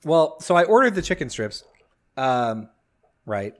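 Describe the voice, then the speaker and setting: A young man co-hosting a casual podcast. His pitch swings widely as he tells a story and works himself into a mock-outraged rant. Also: big pitch swings, unhurried. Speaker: podcast co-host. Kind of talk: casual chat.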